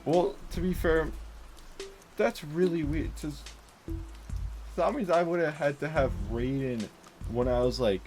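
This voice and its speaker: A man's voice: a little high, a little slow, long pauses, a little mellow, faint music behind. A man in his twenties co-hosting a podcast, chatting casually and telling a story with laughter. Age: 20s. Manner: storytelling, laughs often, acts out other voices. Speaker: podcast co-host. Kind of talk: casual chat.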